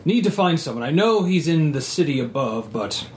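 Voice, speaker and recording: A man's voice: a little high, very animated, a little hiss or hum, voice pushed up. A man playing a proud, formal cat of the royal guard. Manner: stiff, formal, halting speech.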